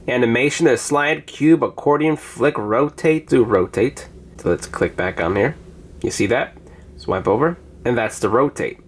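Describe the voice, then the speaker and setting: A man casually reviewing phone apps, chatty as he demonstrates each one on screen. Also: medium pitch. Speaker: app reviewer. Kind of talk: casual app review narration.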